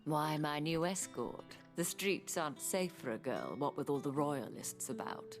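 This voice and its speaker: Video game brothel madam: very deep, slow, sultry near-whisper, coy and scheming. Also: female voice, lively intonation, faint music behind. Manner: slow, teasing, silky delivery.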